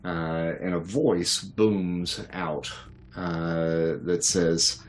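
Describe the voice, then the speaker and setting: A man narrating a tabletop game as game master, relaxed and laughing easily. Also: sits low, takes it slowly, slight background noise.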